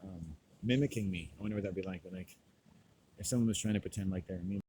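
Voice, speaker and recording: A stoned man delivering a rambling, profane monologue, loud and laughing often. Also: sits low, quick pace, slight background noise, low-quality recording. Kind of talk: profane ranting monologue to camera.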